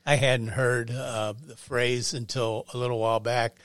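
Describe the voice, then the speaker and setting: A man hosts an interview in a studio. His voice sits at an ordinary pitch. He asks questions in a hesitant, halting way, and the sound is dry. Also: flat delivery, a bit bright, dry recording. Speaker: host.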